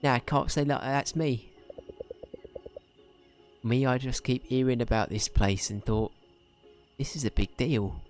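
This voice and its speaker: A brash, teasing adventurer with a put-on Cockney accent, played live for a game by a man reading the lines aloud. The voice sits high and loud for him, jaunty and friendly, with a hint of a faint music bed underneath. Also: fairly even intonation, measured pace, pauses often, natural voice. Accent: put-on Cockney, slipping toward Australian. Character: cheerful seasoned adventurer, blunt and friendly.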